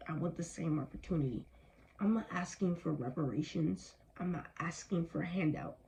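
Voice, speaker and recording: A woman's voice: on the low side, vocal fry, dark tone, a little hiss or hum, rough recording. A young adult woman vlogging with anger and weariness, speaking emphatically with strong language. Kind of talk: impassioned personal vlog.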